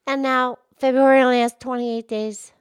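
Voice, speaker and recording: Pinky the Pig, as a woman puts her on, high and bubbly. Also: normal speed, clean tone, lightly acted. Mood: explaining. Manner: bubbly, eager, bursts of excitement. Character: cheerful excitable young pig host. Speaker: podcast host. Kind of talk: children's podcast character voice.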